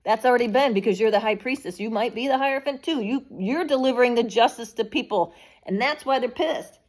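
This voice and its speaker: A woman's voice: fairly high pitch, brisk. Woman tarot reader, blunt, emphatic, casual swearing. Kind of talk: collective tarot reading.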